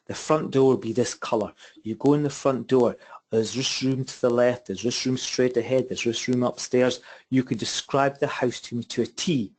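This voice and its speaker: Speaking over a computer mic on a webinar call, a mentor walks listeners through property investment, repeating himself and chatting while asking rhetorical questions. His voice is mid-range and darkish in tone, at a moderate pace.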